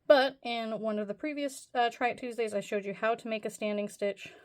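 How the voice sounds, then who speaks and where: A woman's voice: a little high, a little fast. A woman hosting a casual crochet tutorial, talking through each step in a rambling, self-deprecating way with plenty of fillers.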